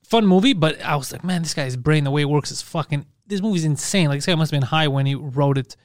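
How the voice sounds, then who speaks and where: A man co-hosting a comedy podcast, cracking quick jokes and drifting into long musing tangents. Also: on the high side, dry recording, clean studio sound. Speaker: podcast co-host. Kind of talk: casual comedic chat.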